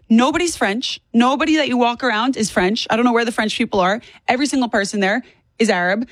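A young woman in her twenties talks at a rapid clip in a fairly high voice, hammering her points with repetition. The sound is dry and close, with no room around it. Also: dry recording. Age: 20s. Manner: rapid, emphatic, repeats for stress. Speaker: political guest. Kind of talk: opinionated interview talk.

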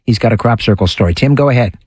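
A man hosting a radio call-in show, briskly bringing on the next caller. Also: mid-range voice, darkish tone, breathy edge, no echo. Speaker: radio host.

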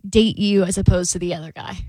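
A woman's voice: fairly low pitch, fairly even intonation, fast talker, dark tone, dry recording. A woman co-hosting a radio show, teasing callers and the other hosts in playful banter. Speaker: radio co-host. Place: radio studio.

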